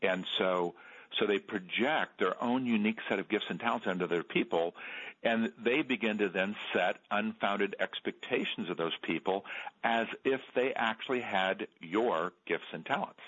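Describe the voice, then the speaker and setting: A middle-aged man, an author guest on a radio interview, telling stories in an earnest, halting way and repeating words. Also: lowish voice, fairly bright tone. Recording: dull lo-fi radio sound.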